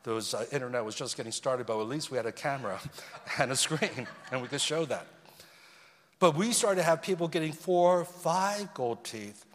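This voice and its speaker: A man preaching a sermon as a guest speaker, swinging between loud emphasis and quiet asides. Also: mid-range voice, moderate pace. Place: church sanctuary. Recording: long reverb of a large hall.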